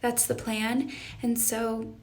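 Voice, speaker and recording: A young woman talks casually and earnestly on a live stream, answering viewers' questions as she goes. Her voice sits a little high and has a gravelly, fry-tinged edge. It sounds like a phone or webcam mic in a casual live-stream setup. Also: little pitch movement, slow pace, darkish tone. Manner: earnest, reflective, reads viewer questions aloud. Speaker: life coach.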